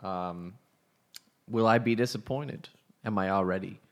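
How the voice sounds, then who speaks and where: A man with a fairly low voice hosts a podcast in easy, casual chat. He talks in a laid-back way, chuckling now and then and trailing off with fillers. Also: a little slow, a crowd in the background. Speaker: podcast co-host.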